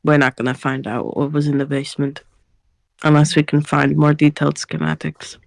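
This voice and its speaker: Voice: mid-range voice, level tone, normal speed, vocal fry, no echo. A player in a tabletop game talks through theories with dry, jokey asides. The voice sits in a middle register. It is recorded dry and close. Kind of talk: casual tabletop game chat.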